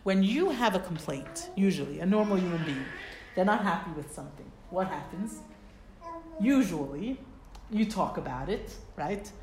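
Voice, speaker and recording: Woman explaining a torah lesson, chatty and animated, words, echoey room w/ faint hiss. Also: on the low side, moderate pace. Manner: conversational, expressive, asks rhetorical questions. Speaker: Torah teacher. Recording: roomy echo, faint background noise.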